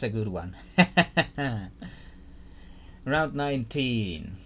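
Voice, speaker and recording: A man's voice: medium pitch, lively intonation, very slow, pauses often, a bit bright, a little hiss or hum. A man giving casual gameplay commentary, hesitant and thinking aloud with frequent restarts. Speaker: gaming YouTuber.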